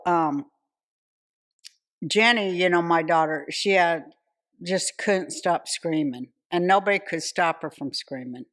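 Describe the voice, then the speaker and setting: A woman in her sixties, a podcast host, telling brash and profane stories in casual chat. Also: lowish voice. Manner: brash, profane, animated storyteller.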